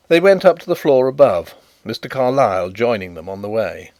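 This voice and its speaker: A man narrating a classic mystery audiobook in an even storytelling manner. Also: mid-range voice, brisk, few pauses, no room sound.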